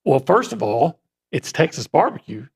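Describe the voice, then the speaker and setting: Male sports radio analyst, husky and animated, opinionated. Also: fairly high pitch, normal speed. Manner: opinionated, hesitant restarts. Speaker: co-host and analyst. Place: radio studio.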